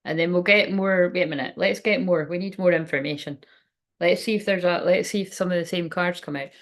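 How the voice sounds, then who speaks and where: A woman's voice: fairly low pitch, brisk. A woman giving a casual tarot card reading, thinking aloud in a rambling way and swearing now and then.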